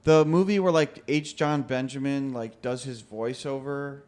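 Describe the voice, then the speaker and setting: A man on a casual podcast who talks at a mid pitch, rambling through stories with plenty of filler words. His delivery is loose and conversational. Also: fairly even intonation, measured pace, darkish tone. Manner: rambling, filler-heavy storytelling. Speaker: podcast guest.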